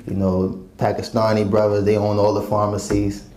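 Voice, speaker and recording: Mellow, low-voiced New man. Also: completely flat delivery, normal speed, a little hiss or hum. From New York City. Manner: laid-back, reflective, many "you know" fillers. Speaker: guest, former rap artist. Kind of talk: reflective storytelling interview. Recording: roomy echo, faint ambience.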